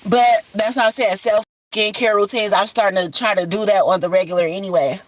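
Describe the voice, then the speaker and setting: Here the same phone-camera livestream host sounds medium in pitch, speaking a little fast with fairly even intonation over a noisy background. She's casual, profane and blunt, drifting on about love and self-care, worn out and puffy-eyed after a cry.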